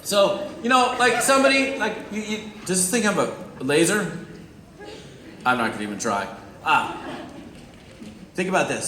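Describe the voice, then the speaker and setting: A man from the United States giving a joking, animated motivational talk to a live audience, acting out little scenes. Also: high-pitched, a little hiss or hum. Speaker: motivational speaker. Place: event hall with audience. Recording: roomy hall recording.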